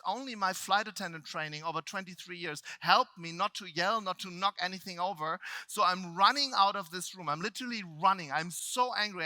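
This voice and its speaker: A middle-aged man from Germany with a German accent, telling a personal story to a live seminar audience. He swings between loud outbursts and quiet reflection. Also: high-pitched, dry recording. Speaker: motivational speaker.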